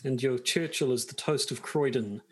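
A man co-hosting a podcast, speaking hesitantly and halting often. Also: mid-range voice, darkish tone, husky, low-quality recording. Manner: hesitant, halting, with many restarts. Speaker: podcast co-host. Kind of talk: casual podcast chat.

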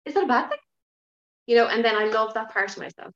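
A woman's voice: a little high, quick pace. Frank woman in a roomy, muffled recording. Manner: frank, lively, swears casually. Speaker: podcast guest, yoga teacher. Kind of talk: casual interview chat.

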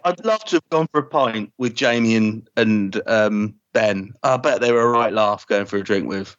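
A man, co-hosting a podcast in casual chat, animated and laughing often. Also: lowish voice, normal speed. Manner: animated, keeps breaking into voices and laughter. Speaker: podcast co-host. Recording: lo-fi podcast audio.

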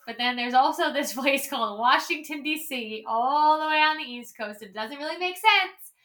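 A woman's voice: sits high, sharp tone. A woman who works as a kindergarten teacher, chatting on a podcast and explaining things in simple terms, with plenty of "like"s. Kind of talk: casual podcast banter.

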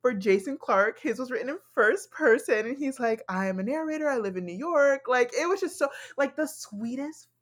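A woman's voice: high-pitched, animated, normal speed, hardly any pauses. A young woman co-hosting a podcast in casual chat, blunt and teasing, swearing freely. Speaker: podcast co-host.

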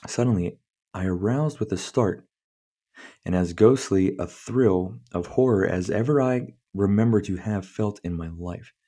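A deep-voiced man with a dark, mellow tone hosts a podcast. He reads old-fashioned prose aloud, stumbles over the wording, and drops into loose, profane asides between passages. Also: a little slow. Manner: stumbles over words, swears freely, chuckles at the text. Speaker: podcast host. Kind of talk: reading a book aloud with casual commentary.

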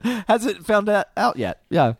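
A man co-hosting a casual podcast, self-mocking and quick to laugh. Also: sits high, big pitch swings, creaky, dry recording, clean studio sound. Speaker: podcast co-host. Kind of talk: casual chat.

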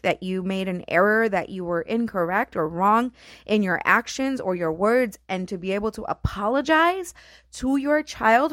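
A woman's voice: mid-range voice, dry recording, studio quality. A middle-aged woman speaking as a mother, earnest and reflective, in a heartfelt personal monologue full of "you know" and "right?".

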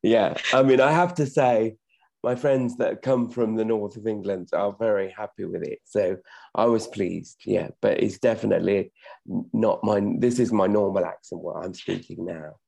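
A middle-aged man chats modestly as an interview guest in a low, gravelly voice. His tone is dark and a little husky. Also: moderate pace. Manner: modest, chatty, self-correcting. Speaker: actor and podcast guest. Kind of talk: casual interview talk.

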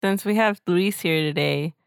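A woman's voice: lowish voice, normal speed, vocal fry, smooth, no room sound, studio quality. A woman co-hosting a podcast in casual chat, teasing and giggling between lines. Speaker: podcast co-host.

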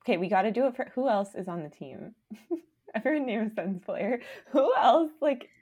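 A woman's voice: fairly high pitch, animated, moderate pace, mellow, breathy edge, muffled recording. Giggly woman podcast co-host. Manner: giggly, laughs between phrases, lots of 'like'. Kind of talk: casual podcast chat.

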